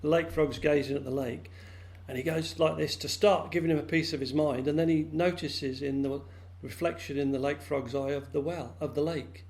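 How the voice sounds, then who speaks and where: A man telling a folk tale to friends over a video call, lively and animated, jumping into high squeaky voices for the characters. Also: normal speed, creaky, few pauses. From England. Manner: lively, acts out frog voices with big pitch jumps. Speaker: storyteller.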